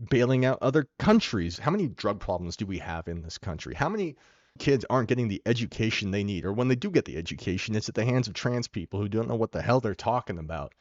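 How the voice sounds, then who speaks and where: Low-voiced sarcastic man, dull dry sound. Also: expressive, brisk, no echo. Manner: sarcastic, opinionated, emphatic. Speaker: podcast host. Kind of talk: personal political monologue.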